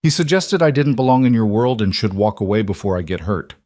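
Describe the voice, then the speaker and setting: A man's voice: on the low side, animated, a little fast, darkish tone, no echo, studio quality, lightly acted. A man voicing an anxious young woman, a nursing assistant, pleading and worried in an audiobook reading.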